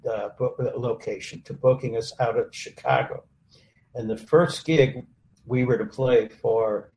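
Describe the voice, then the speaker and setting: Halting male host in a roomy space. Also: medium pitch. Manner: relaxed, halting, with many "uh" pauses. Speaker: host, also a touring musician. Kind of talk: casual conversation. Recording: roomy sound with faint background noise.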